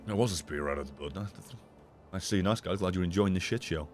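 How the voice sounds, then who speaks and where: A man streaming a video game, swearing, yelling in frustration and laughing at himself as he talks to the game. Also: low-pitched, fast, soft background music. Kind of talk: casual gameplay commentary.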